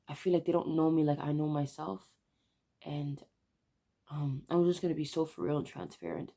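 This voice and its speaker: A woman in her twenties, on the verge of tears, telling a halting, soft-spoken confession to camera in a vlog. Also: deep voice, gravelly. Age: 20s. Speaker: vlogger.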